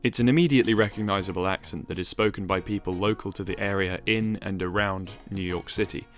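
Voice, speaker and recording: Low-voiced man narrating over faint music. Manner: explanatory, measured. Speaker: video essay narrator. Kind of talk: scripted narration.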